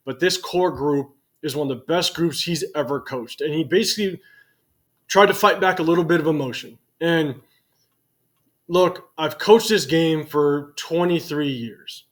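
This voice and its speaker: A man in his forties giving casual, conversational sports commentary to his channel's viewers, thinking aloud as he goes. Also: a little high. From United States.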